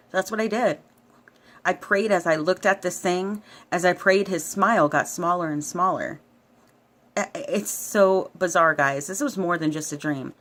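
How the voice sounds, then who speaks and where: A woman telling a story to her camera in a casual, animated way, often checking in with "right?". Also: lowish voice. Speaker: vlogger recounting a dream.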